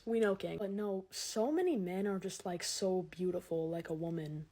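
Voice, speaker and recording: A woman's voice: medium pitch, lively intonation, moderate pace, hardly any pauses, warm tone. A teenage girl ranting sarcastically and dramatically to camera in a comedic monologue. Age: teens. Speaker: comedic creator.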